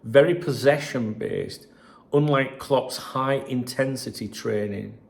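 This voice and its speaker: Bloke running his footy channel, gravelly voice, swears a lot, goes off on tangents. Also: medium pitch, slow. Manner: chatty, sweary, rambling asides to viewers. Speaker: football channel host. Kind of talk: casual solo commentary reading messages.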